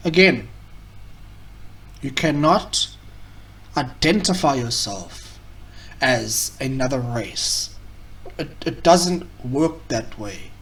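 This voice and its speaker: A man talking through a casual reaction video in a rambling, self-correcting way, mocking as he goes. He sits a little back from the microphone, so the voice sounds slightly distant, at a mid pitch for a man. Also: lively intonation, takes it slowly, pauses often, a bit bright.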